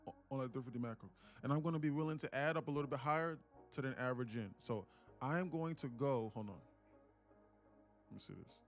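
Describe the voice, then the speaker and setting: A man's voice: medium pitch, quick pace. A man talking bluntly and profanely in a rambling way while day trading on a live stream. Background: music.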